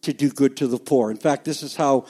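A man's voice: medium pitch, fairly quick, a little mellow. A pastor delivering a conversational sermon with emphatic phrasing, explaining scripture to his congregation. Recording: long hall reverb.

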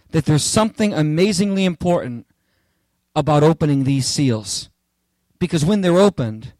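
Animated high-voiced male preacher. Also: no room sound. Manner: animated and theatrical, joking with the congregation. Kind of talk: expository sermon.

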